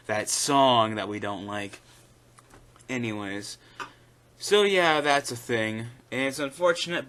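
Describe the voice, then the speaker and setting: A man's voice: mid-range voice, bright, forceful tone. A man giving casual, rambling commentary in a video, airing strong opinions with frequent fillers. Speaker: YouTube commentator.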